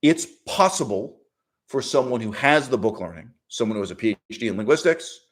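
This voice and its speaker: A man's voice: mid-range voice, lively intonation, brisk. Argumentative man with sudden emphatic jumps. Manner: restarts and fillers, laughs while speaking. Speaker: channel host. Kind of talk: opinionated monologue.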